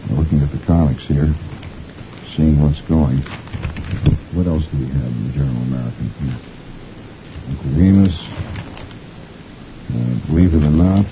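A man's voice: very deep voice, a little slow, long pauses, highs cut off, noisy background. A middle-aged man hosting a chatty reading of the comics, folksy and rambling, chuckling often. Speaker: host reading the comics aloud.

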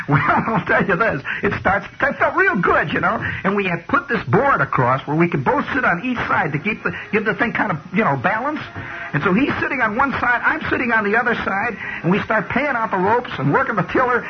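Folksy male radio storyteller, high and lively, hissy old recording. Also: dull audio. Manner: animated, folksy, building to shouts. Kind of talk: spoken storytelling monologue.

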